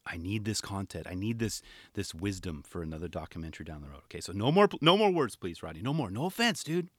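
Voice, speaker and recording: A man putting on a teary filmmaker who whispers low, hushed pleas. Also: sing-song, quick pace, dry recording, clean studio sound, full character voice. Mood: pleading.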